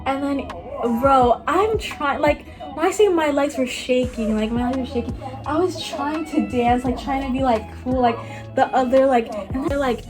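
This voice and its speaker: A high-voiced young woman from Miami, in her late teens, tells a casual storytime full of "like" and little impressions of what others said. Music plays clearly underneath her voice. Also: moderate pace. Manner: rambling, lots of "like", acts out others' lines. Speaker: vlogger. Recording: music playing behind her.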